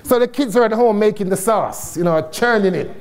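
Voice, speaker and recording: A middle-aged man from Jamaica, telling his story as a guest speaker to a live audience, animated and laughing often, with casual swearing. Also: high-pitched, fairly quick.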